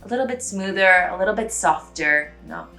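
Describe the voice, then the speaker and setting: A young American woman giving a casual pronunciation lesson, chatty and repeating words slowly to drill them. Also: medium pitch, lively intonation, pushed and bright, faint music behind. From United States. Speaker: language teacher.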